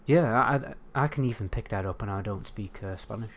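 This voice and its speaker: A man's voice: fairly low pitch, a little fast. Sweary British man streaming. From United Kingdom. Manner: rambling and sweary, answering chat. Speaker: game streamer. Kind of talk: casual livestream chat.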